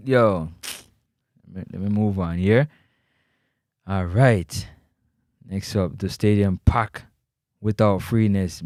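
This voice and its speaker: A man with a Jamaican accent hosting a casual football talk show, teasing and animated and slipping into patois as he answers viewers. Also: medium pitch, no room sound, clean studio sound. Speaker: sports talk host.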